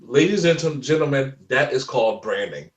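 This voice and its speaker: Animated storytelling man in his forties. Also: mid-range voice, moderate pace, roomy sound, far from the mic. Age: 40s. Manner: animated storyteller who laughs often. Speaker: guest. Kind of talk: casual interview chat.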